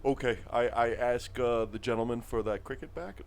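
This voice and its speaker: A man playing a tabletop game, speaking quietly and softly. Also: mid-range voice, fairly even intonation, moderate pace. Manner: quiet, soft-spoken. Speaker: player. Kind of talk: casual tabletop play.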